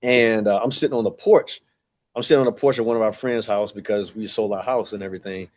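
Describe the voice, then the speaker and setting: Talking fast in a lowish, darkish voice with a steady tone, a forties-aged track and field director guests on a podcast. He tells a long personal story casually and ramblingly, with many fillers and dialogue he acts out.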